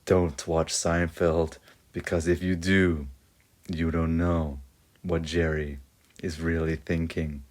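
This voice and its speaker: A young man narrating a comic horror story in a rambling, deadpan way, full of "uh" and "and then", over faint music. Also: sits low, takes it slowly. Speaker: creepypasta parody narrator.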